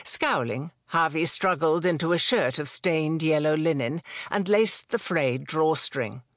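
Audiobook narrator, mid-pitched voice, measured delivery, dry close recording. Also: a bit bright, no room sound. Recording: dry close studio sound.

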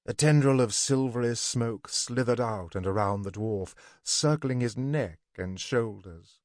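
A man narrating a scripted fantasy story in an even, deliberate way. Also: medium pitch, dry recording, clean studio sound.

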